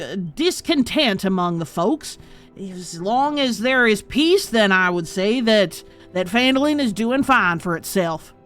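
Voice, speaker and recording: A woman's voice: mid-range voice, a bit bright, clean tone. A woman voicing a pompous, blustering heavyset townmaster who drawls and fusses over his dignity. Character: pompous, balding, heavyset middle-aged townmaster.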